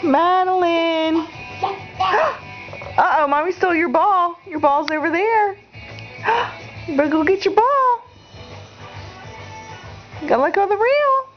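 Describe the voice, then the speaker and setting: A woman's voice: very high voice, a little slow, long pauses. A woman filming her baby at home, chatting to the child in sing-song baby talk full of cheers and coos. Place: home, indoors. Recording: dull lo-fi home video with music behind.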